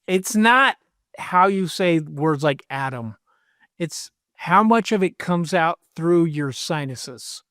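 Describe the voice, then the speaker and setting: Animated man in casual chat. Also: on the high side, takes it slowly, dry recording, studio quality. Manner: animated, jokey, slips into voices and mimicry. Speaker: podcast co-host. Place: lives in Virginia.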